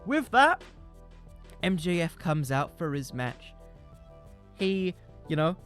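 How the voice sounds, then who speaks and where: A man hosting a podcast, spinning comedic stories in a rambling, jokey voice that swings up and down freely. Faint music sits quietly behind him. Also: a little high, very animated, slow, long pauses. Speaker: podcast host.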